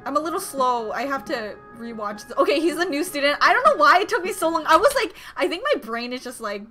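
A young woman hosting a reaction video, chatting and gasping with excitement as she comments on what she watches. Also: high voice, quick pace, soft background music.

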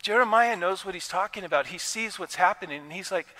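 Pastor guy preaching, high bright voice, casual and fired up, long echo in the church. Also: fast, hardly any pauses. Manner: impassioned, conversational preaching with acted quotes. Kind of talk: sermon. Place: church sanctuary.

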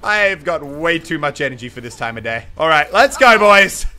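A young man giving excitable, swearing live commentary over a video game, often shouting at the screen. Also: on the high side, normal speed, slight background noise. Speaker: gaming channel host.

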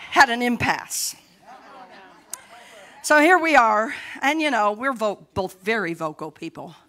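A middle-aged woman pastor preaching a sermon boldly, rising to shouts between laughing asides. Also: a little high.

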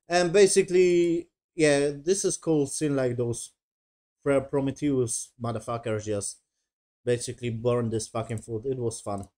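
A man's voice: mid-range voice, measured pace, warm tone. A man giving a casual, profane review rant in non-native English, sarcastic and dismissive, with constant swearing. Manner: sarcastic, swears constantly, mocks characters in whiny voices. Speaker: show reviewer.

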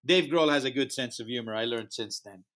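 A man who founded a music festival tells an interview story in animated fashion, acting out quoted dialogue in slightly non-native English. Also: medium pitch, fairly quick.

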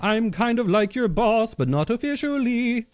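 A man's voice: very high-pitched, very animated, moderate pace, smooth, soft background music. A man voicing a cheerful, bubbly female supervisor in a game, chirpy and affectionate, calling people babe and love.

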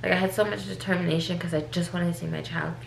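Woman vlogging to camera, low-ish voice with lots of fry, kinda echoey room. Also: steady tone, fast, a little hiss or hum. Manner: chatty, leans on "like", repeats words. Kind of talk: casual storytelling to camera.

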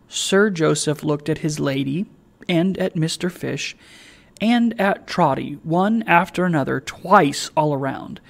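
A man on a library staff reading a classic novel aloud in a slow, measured narration. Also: fairly high pitch, creaky.

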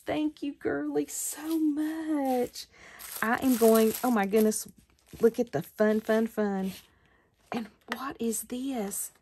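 A woman's voice: fairly high pitch, takes it slowly, warm tone, a little hiss or hum. A woman hosting her craft channel, chatting casually as she unboxes mail, gushing with thanks and delighted exclamations.

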